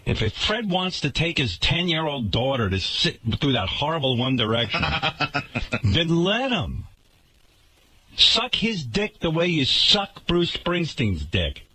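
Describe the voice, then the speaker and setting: A man's voice: big pitch swings, measured pace, pushed and bright, slightly rough. A man hosting a radio show, ranting indignantly and sarcastically about the management of his workplace. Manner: indignant, sarcastic, swinging pitch. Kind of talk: ranting talk radio monologue. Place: radio studio.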